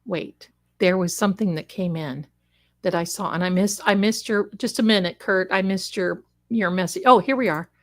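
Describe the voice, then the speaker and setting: A woman's voice: lowish voice, steady tone, normal speed. Chatty woman psychic hosting a livestream. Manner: chatty, rambling, calls viewers "my darlings". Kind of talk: casual live-stream chat.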